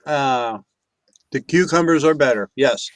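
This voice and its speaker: A man's voice: medium pitch, unhurried, no room sound. Rambling man hosting a casual chat show. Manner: rambling, restarts a lot while eating. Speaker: show host.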